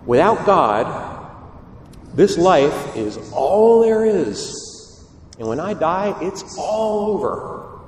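A man preaching a sermon as a priest, lively and full of rhetorical questions. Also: sits high, extremely slow, pauses often, slight background noise. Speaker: Catholic priest. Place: church. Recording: echoey church heard from far off.

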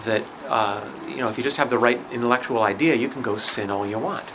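A man teaching a religion class in a conversational lecture, asking rhetorical questions and often pausing with fillers. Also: medium pitch, background noise.

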